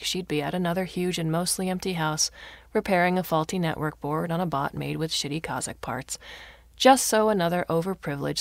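A woman reads a story aloud with expressive, wry narration. Her voice is low and noticeably gravelly. The recording is dry and close to the mic. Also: dry recording.

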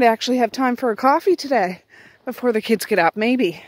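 A woman's voice: a little high, brisk, dry recording. A middle-aged woman with a Nova Scotian accent, chatting in a rambling, self-correcting way for her home vlog. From Nova Scotia, Canada. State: out of breath. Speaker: vlogger. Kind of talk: casual chat. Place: outdoors in snow at dawn.

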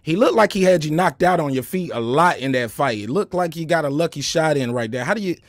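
A man's voice: a little high, animated, quick pace, no echo, clean studio sound, close to an everyday voice. A man imitating a needling older male ringside boxing interviewer who asks blunt, provoking questions.

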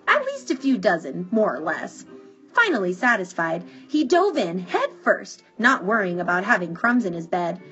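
A woman reading a children's picture book aloud in an animated, expressive way. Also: medium pitch. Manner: animated, drawing out words for effect. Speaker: storybook reader. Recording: dull, muffled recording with faint music.

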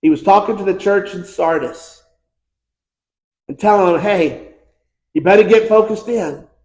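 An American pastor preaching a fervent sermon, swinging between shouted climaxes and hushed, quiet lines. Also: male voice, high-pitched, measured pace. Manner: impassioned preaching, building to shouts and dropping to hushed tones. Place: church sanctuary. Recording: echoey church room.

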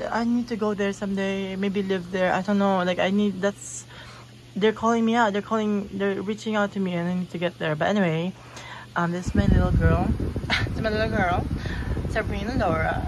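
A young woman chats from her own bedroom in a giggly, rambling way, swearing freely as she wanders from thought to thought. Her voice sits at an ordinary middle pitch, with a faint hum of room sound behind her. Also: rough recording. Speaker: vlogger. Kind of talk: casual rambling room tour.

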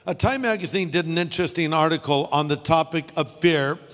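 A man's voice: fairly high pitch, a little fast, a bit bright, in a large hall, faint music behind. A middle-aged male pastor preaching a sermon, telling funny stories and making wry asides. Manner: storytelling with jokes and asides. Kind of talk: humorous sermon.

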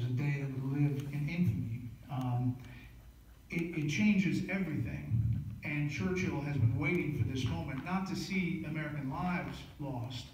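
A man's voice: medium pitch, a little hiss or hum. Man lecturing in an echoey chapel. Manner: animated storytelling with frequent fillers and restarts. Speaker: author giving a book lecture. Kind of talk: storytelling lecture. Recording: echoey hall, voice from a distance.

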